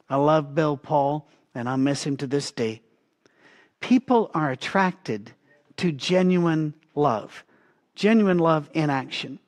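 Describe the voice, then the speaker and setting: A middle-aged man, a pastor, preaching a sermon in an earnest storytelling manner with measured pauses. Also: on the high side.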